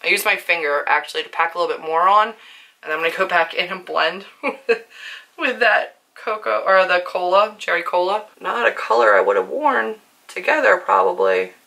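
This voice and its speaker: A young woman with a hoarse, worn-out voice, chatting casually to camera about her makeup, nervous and full of "like" fillers. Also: fairly low pitch, expressive, moderate pace, pushed and bright. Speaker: book and beauty vlogger.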